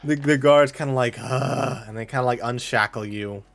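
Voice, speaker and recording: A man's voice: mid-range voice, brisk. A man narrating as game master, hesitant and laughing.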